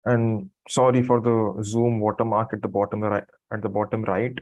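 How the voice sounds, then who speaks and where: A man who has just woken from a nap, commenting on a live trading stream in a halting, apologetic way as he thinks aloud. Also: fairly low pitch, flat delivery, no room sound, lo-fi sound. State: just woke from a nap, morning voice.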